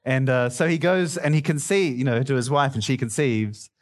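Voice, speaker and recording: A man's voice: mid-range voice, normal speed. A middle-aged male pastor preaching a sermon, playfully bantering with his congregation.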